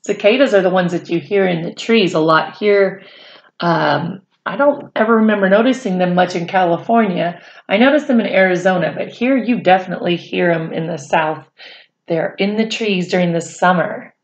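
A woman reading a children's book aloud, pausing to gently explain things to young listeners. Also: lowish voice, echoey room, highs cut off. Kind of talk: read-aloud storytime for children.

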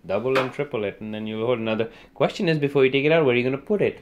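A man's voice: mid-range voice, very fast, a little hiss or hum. A man in casual kitchen banter, playful and bossy as he teases his friend while cooking. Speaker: home cook vlogger. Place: home kitchen.

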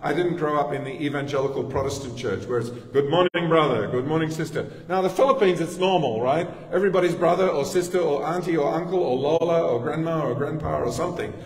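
An Australian pastor delivers a conversational sermon and talks directly to his congregation. His voice sits a little high for a man. He is recorded from across a large church, so the sound is roomy, with a long echo. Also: fast talker, few pauses, a little mellow. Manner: conversational preaching with asides and laughter. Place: church sanctuary. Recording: echoey church hall, distant mic.

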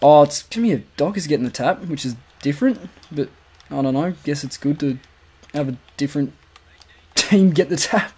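A young Australian man calling his own football video game, jumping from quiet muttering to loud cheering when goals go in. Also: fairly high pitch, animated, moderate pace, husky. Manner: swings from muttered asides to shouted goal calls. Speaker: gaming commentator. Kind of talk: excited play-by-play over a football video game.

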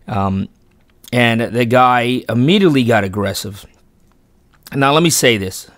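A man with a medium-pitched voice tells a fishing story in a loose, rambling way, restarting sentences and correcting himself as he goes. He sounds earnest and turns emphatic when he talks about his son. The recording is dry and close, with almost no room sound. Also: expressive, moderate pace, dry recording. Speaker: fishing channel host and father. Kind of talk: casual storytelling vlog narration.

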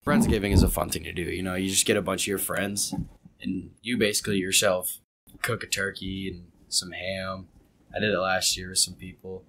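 A man's voice: deep voice, flat delivery, moderate pace, fairly bright tone, a little hiss or hum. A teenage boy chatting casually as a podcast guest, rambling with lots of "you know". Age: teens. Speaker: guest, wrestler and football player. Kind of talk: casual chat.

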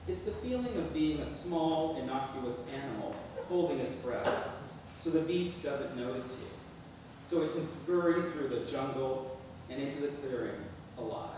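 A man reading a memoir piece aloud at a spoken-word event in an art gallery, with a dry, deadpan storytelling manner. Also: mid-range voice. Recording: echoey hall, far mic, noisy.

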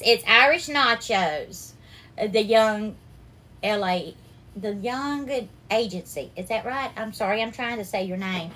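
A woman hosting a live cooking stream, warmly greeting viewers by name and calling them darling and sweetheart. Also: mid-range voice. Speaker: cooking livestream host.

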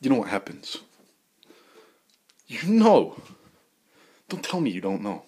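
A man rambling through a crude, joking solo monologue as a podcast host, swinging into loud bursts of mock bravado. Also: fairly low pitch, big pitch swings, fast talker, breathy edge.

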